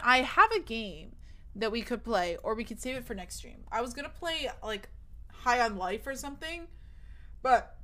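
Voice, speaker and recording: In a fairly high, pushed and bright voice, a young woman streamer casually addresses her live viewers. She wanders off, restarts a lot, swears freely, and her nervous voice cracks.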